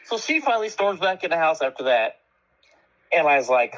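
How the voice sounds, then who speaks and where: A man hosting a radio show, telling a story in casual chat. He is animated and profane and acts out both sides of an argument in raised voices. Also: fairly high pitch, a little fast, highs cut off.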